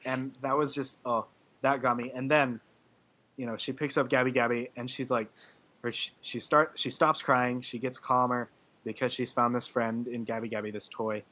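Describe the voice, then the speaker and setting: A young man with a bright, forceful voice talks casually on a movie podcast. He is earnest and gushing, full of ums and restarts as he recalls favourite scenes, at a mid pitch. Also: flat delivery, moderate pace. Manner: earnest, gushing, with frequent fillers. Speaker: podcast co-host. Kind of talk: casual movie review chat.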